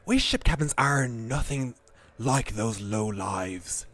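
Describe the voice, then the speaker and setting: A man voicing a proud, touchy male ship captain in a game, attempting a West Country accent, speaking slowly and loudly. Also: mid-range voice, animated. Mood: indignant. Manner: slow, loud, indignant delivery.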